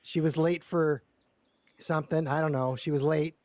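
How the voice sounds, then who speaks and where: A man's voice: a little high, steady tone, normal speed, darkish tone, dry recording. A man telling a long story in character during a roleplay session, rambling and stammering with lots of repeated words and casual swearing.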